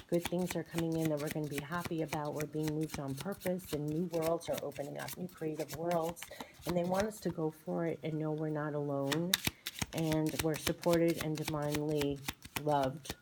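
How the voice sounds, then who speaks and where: A low-pitched female card reader talks through an oracle reading in a spiritual monologue, soothing and effusive, frequently repeating what she says. Cards shuffle amid the noisy background.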